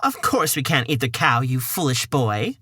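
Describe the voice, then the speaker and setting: A man voicing a poor, fretful old mother in a wailing high falsetto in a storybook podcast. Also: big pitch swings, moderate pace, sharp tone, husky, dry recording, clean studio sound, exaggerated voice. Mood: scolding.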